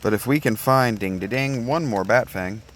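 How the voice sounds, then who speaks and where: A man's voice: medium pitch, moderate pace, crowd noise. A man giving casual, joking gameplay commentary, rambling with lots of filler sounds as he plays. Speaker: gaming video host. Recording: steady background noise.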